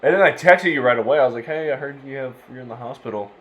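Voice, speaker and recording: A man on a podcast recalling a story in a relaxed way, trailing off as he talks. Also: mid-range voice, fast, muffled recording, a little hiss or hum. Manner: relaxed, trails off, chimes in with jokes. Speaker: podcast co-host. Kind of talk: casual chat.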